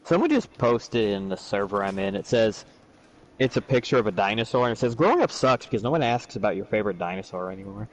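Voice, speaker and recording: A man's voice: fairly low pitch, lively intonation, fast talker, poor audio. A man co-hosting a casual livestream chat, teasing his friends and laughing as he talks.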